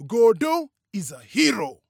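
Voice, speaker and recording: A storybook narrator voicing a stern old father who shouts solemnly. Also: medium pitch, very animated, unhurried, creaky, no room sound, clean studio sound, voice pushed up, full character voice. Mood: proud. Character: stern old father, lame war veteran.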